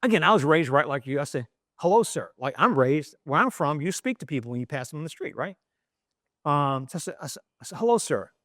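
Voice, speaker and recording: A middle-aged man from East Baltimore, a journalist telling an animated anecdote in an interview, with frequent restarts. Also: fairly high pitch, fast, dry recording, clean studio sound. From East Baltimore, USA.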